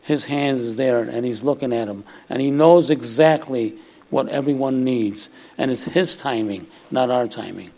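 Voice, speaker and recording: A man's voice: mid-range voice, moderate pace, warm tone. A man preaching a conversational sermon in church, often checking in with "all right?" as he talks.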